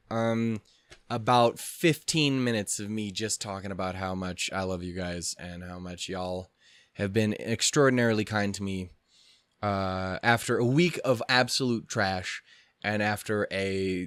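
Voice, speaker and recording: A man's voice: lowish voice, fairly bright tone, no room sound, studio quality. A young man hosting an anime reaction channel, rambling casually with lots of swearing and self-mocking laughs. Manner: rambling, heavy swearing, self-deprecating, giggly. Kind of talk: casual chat.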